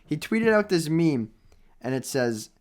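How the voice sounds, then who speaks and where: A young man hosting a podcast, chatting casually and joking around in quick banter. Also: a little high, very animated, background noise. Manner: joking, rapid banter with frequent laughter. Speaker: podcast host. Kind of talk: casual chat.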